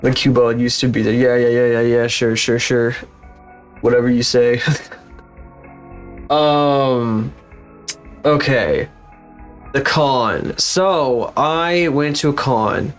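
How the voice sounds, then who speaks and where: Man, VTuber, live stream chat, frustrated and swearing, recovering from sickness, faint music behind, mid pitch. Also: steady tone, slow, pauses often. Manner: rambling, frustrated and cursing. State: recovering from illness.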